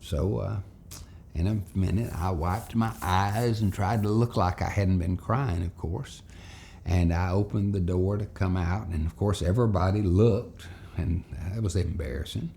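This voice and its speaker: A man telling a childhood story as a moral lesson for children and parents, in an animated, folksy way. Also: sits low, a little slow, gravelly, slight background noise.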